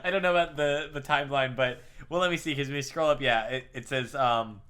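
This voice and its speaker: A man's voice: mid-range voice, pushed and bright, clean tone. A man in casual comedic chat, riffing sarcastically on a story his friend reads. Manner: sarcastic riffing, quick jokes. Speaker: co-host.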